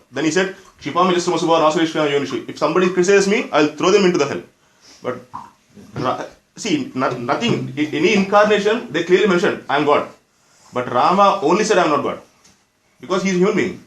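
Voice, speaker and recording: A man lectures on scripture to a class. His voice sits a little high for a man. He repeats his points for emphasis and keeps asking the audience questions, and the room around him is echoey. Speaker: religious teacher.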